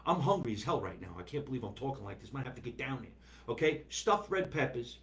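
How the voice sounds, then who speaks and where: A man hosting a live stream from his basement, chatting loosely, reading viewer comments and riffing with animated bursts. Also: medium pitch, fast. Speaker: podcast host. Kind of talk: casual live-stream chat. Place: home basement.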